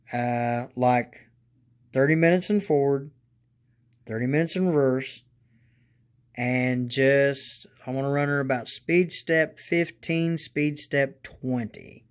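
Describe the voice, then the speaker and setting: A man hosting a casual hobby review video, talking slowly and rambling, getting excited and calling out to his viewers as guys. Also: mid-range voice, smooth. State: congested from allergies. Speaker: model railroad channel host.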